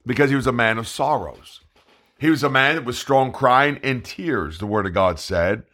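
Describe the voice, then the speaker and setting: A man's voice: medium pitch, normal speed, a bit bright. A man preaching a Bible study sermon, reading scripture aloud with emphasis. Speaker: evangelist preacher.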